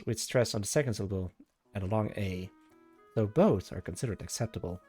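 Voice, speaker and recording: A low-voiced man chatting on a live stream, wandering from tangent to tangent as he thinks aloud. He talks casually to his viewers, with faint music playing behind him. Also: brisk, warm tone, breathy edge. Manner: rambling, thinking aloud, talking to chat.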